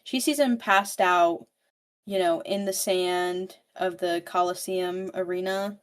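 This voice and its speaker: Animated, foul-mouthed young woman recapping a book. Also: lowish voice, slow pace. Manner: profane, animated storytelling. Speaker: book podcast co-host.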